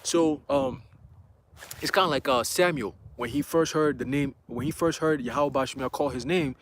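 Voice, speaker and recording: A man's voice: medium pitch, normal speed, slight background noise. A young man giving a casual church testimony, slangy and full of "you know" fillers, acting out the voices in his story. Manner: excitable, acts out quoted voices.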